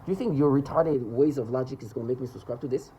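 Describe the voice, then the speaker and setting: Rambling, agitated man with a mellow voice. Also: medium pitch, fast talker, dull audio, slight background noise. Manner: rambling, restarts and repeats, mimics others' laughter. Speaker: vlogger. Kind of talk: agitated personal monologue.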